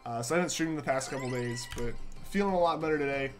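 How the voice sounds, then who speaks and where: A man's voice: mid-range voice, fast, soft background music. A young man hosting a live game stream, chatting casually with viewers and often repeating himself, his voice congested as he gets over a sore throat. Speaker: livestream host. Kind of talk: casual live-stream chat while gaming.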